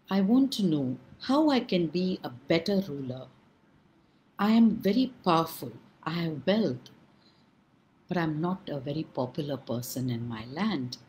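A woman's voice: low voice, a little mellow, rough recording. A woman playing a boastful rich governor. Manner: boastful, scoffing. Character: proud wealthy male governor, demanding.

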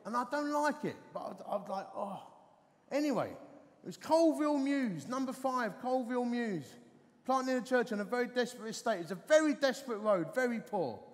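A man, preaching a sermon as an animated, self-deprecating storyteller on a festival stage. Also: very high-pitched, in a large hall. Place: festival stage in a large hall.

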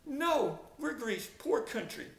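A man's voice: very high voice, big pitch swings, slow pace, gravelly, echoey room, pitched above the performer's own voice, full character voice. A man doing a curt, blunt doctor. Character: blunt, matter-of-fact male hospital doctor.

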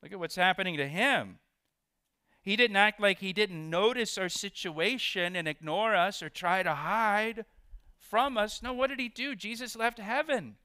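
A man preaching a sermon as pastor, with expressive delivery that leans hard on key words. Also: high voice, a little slow, clean tone, dry recording, studio quality. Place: church.

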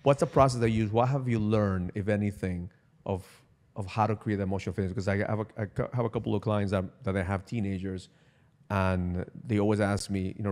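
A man's voice: lowish voice, steady tone, a little fast, a little mellow. A man hosting a podcast, talking reflectively and asking probing questions, often repeating words as he gathers thoughts. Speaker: podcast host and coach. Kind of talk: casual podcast chat.

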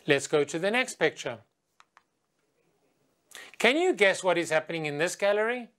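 A woman English teacher giving a slow, clear video lesson to children, asking quiz questions and leading a chant. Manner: patient, asks quiz questions and chants with the class; sings a chant in a higher, lively voice.

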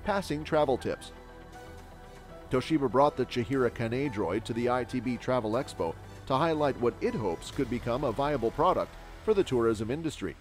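A man delivers scripted news narration at a mid-range pitch, reading each line evenly and steadily. Soft music plays faintly underneath his voice. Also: animated, moderate pace.

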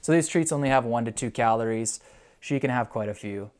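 An upbeat dog owner talking through a puppy's treat test in a casual vlog. The voice is mid-pitched and everyday. Brisk commands to the dog alternate with chatty, running commentary. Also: darkish tone. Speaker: dog owner and video host.

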